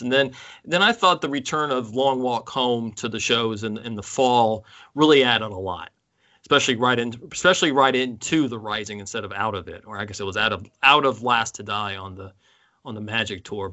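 Bright-voiced man co-hosting a music podcast. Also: medium pitch, highs cut off. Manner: enthusiastic, halting with restarts and laughs. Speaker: podcast co-host. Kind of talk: casual chat about concert tours.

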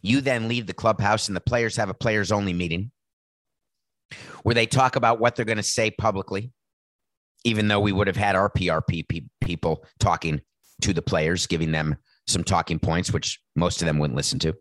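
Worked-up sports talk man, low voice. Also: normal speed, fairly bright tone, no room sound. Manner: worked up, acts out quoted exchanges, sarcastic asides. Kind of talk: animated sports commentary monologue.

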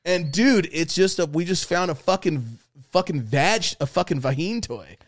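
A young man co-hosting a podcast, telling a story in animated casual chat with a lot of swearing and acted-out quotes. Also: fairly high pitch, normal speed. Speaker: podcast co-host.

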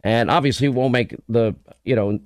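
A man's voice: medium pitch, brisk, no echo. New York man, dry studio sound. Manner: rambling, many restarts and laughs. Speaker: radio show host. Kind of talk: casual radio chat.

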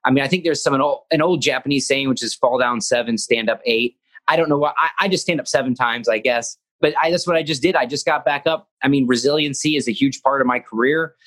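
A man's voice: mid-range voice, quick pace, few pauses, fairly bright tone. Earnest, rambling man in an interview. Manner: earnest, rambling, with restarts and acted-out quotes. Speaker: professional wrestler, guest. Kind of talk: casual interview talk.

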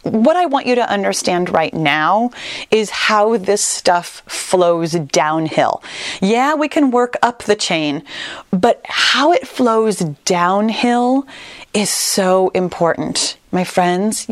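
Animated, emphatic woman coaching listeners. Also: dry recording. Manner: earnest and emphatic, with animated pitch leaps and drawn-out stressed words. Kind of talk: motivational solo talk.

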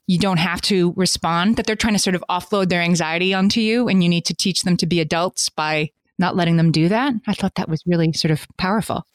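A middle-aged woman co-hosts a podcast, thinking aloud in a relaxed, conversational way with plenty of fillers. Her voice sounds dry and close to the mic. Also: on the low side, fairly quick, hardly any pauses, dry recording. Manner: conversational, thoughtful, frequent fillers. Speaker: podcast co-host. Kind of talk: casual podcast chat.

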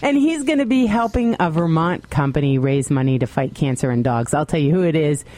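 Woman, news reader, low voice, playful, teasing. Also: animated, brisk, a little mellow. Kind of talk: radio news tease.

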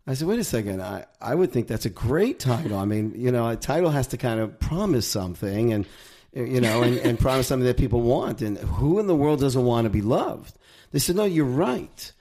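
A man's voice: mid-range voice, very animated, a little fast, mellow. A man, an author and guest, speaking thoughtfully in a reflective conversation.

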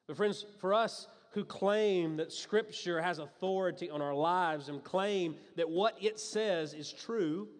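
A male pastor gives a conversational sermon, pressing his points with emphasis and breaking off into quick asides. His voice sits a little above the usual male range, and it rings out with the long reverb of a large hall. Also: a little high.

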